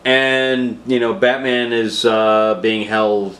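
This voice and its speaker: A man's voice: medium pitch, flat delivery, slow pace, fairly bright tone, reverberant. A man casually talking through a comic book review, rambling with frequent filler sounds and restarts.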